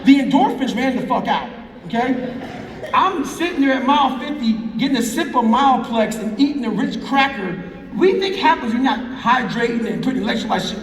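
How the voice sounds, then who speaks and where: A middle-aged man, a motivational speaker, tells a profane, intense story on stage to a live crowd in a large hall. His voice is extremely high, expressive and fairly quick. It was captured from the crowd on a fan's camera, sounding roomy and far off.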